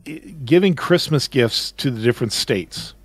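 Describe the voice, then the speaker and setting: A man's voice: mid-range voice, lively intonation, moderate pace, slightly rough, dry recording, studio quality. A male podcast co-host in casual chat, rambling and searching for words.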